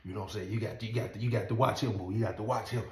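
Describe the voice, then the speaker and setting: Man putting on a low calm older dad, quiet advice, roomy echo. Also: very fast, natural voice. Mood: warning. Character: calm older father, a fellow inmate.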